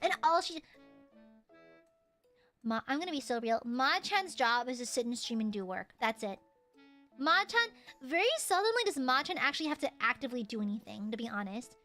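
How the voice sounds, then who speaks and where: A woman streamer in casual chat with her viewers, playful and teasing, jumping from loud squeals to low mutters. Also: animated, moderate pace, pauses often, faint music behind.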